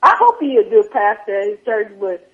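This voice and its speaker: A woman with a husky voice chats casually, animated and laughing often as she keeps quoting herself. The sound is tinny and thin, like a phone line. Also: medium pitch, a little fast. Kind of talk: casual podcast chat.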